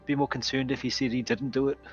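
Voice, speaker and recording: A man's voice: medium pitch, fairly even intonation, quick pace. A man playing a tabletop game, speaking formally in character. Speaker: player. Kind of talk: in-character role-play. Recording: dull lo-fi stream audio with faint music.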